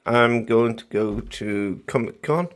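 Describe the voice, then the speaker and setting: In a casual vlog, a tired-sounding man rambles through a halting monologue, correcting himself along the way. His voice is medium-pitched, and there's no echo.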